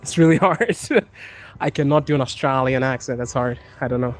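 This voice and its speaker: A man's voice: medium pitch, steady tone, a little fast. A young man from Africa livestreaming outdoors as he walks a cold city street, joking casually with viewers and laughing often. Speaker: livestreaming vlogger.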